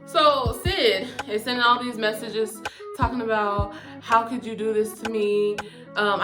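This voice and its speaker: A young woman telling a personal story in a casual storytime vlog, profane and animated, jumping high in pitch when she acts out what people said. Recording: music playing behind the voice.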